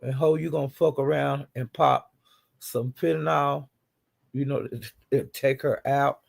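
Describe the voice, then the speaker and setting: A man's voice: medium pitch, steady tone, measured pace, gravelly. A man hosting a casual chat, bluntly retelling online drama in a chatty, gossiping way. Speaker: host recapping livestream drama.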